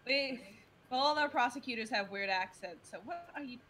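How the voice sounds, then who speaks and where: A woman streaming a video game and chatting with a friend, laughing often and talking excitably. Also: high voice, normal speed. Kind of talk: casual gaming chat.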